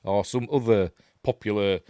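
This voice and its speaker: A man's voice: lowish voice, moderate pace, dark tone, no room sound. A man with a Yorkshire accent hosting a casual film breakdown, rambling through the plot with chatty asides and chuckles. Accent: Yorkshire English. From Yorkshire, England. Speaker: film review host.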